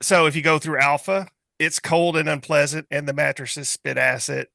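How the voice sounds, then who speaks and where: A man's voice: on the high side, steady tone, moderate pace, creaky, sharp tone, no echo, studio quality. A man co-hosting a casual podcast, reading from his notes with jokes. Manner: reading notes aloud, joking. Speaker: podcast co-host. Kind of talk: casual panel chat.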